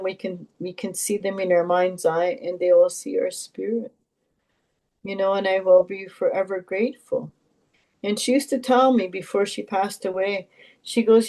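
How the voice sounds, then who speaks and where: An older woman, an Elder from Canada, sharing heartfelt stories and teachings in a gentle, reflective way with pauses and repetitions. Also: medium pitch, low-quality recording. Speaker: Elder and knowledge keeper.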